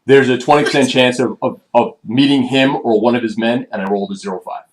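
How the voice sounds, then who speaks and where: A man's voice: mid-range voice, fairly even intonation, quick pace, poor audio. A man narrating as game master of a tabletop game, improvising and repeating words as he goes.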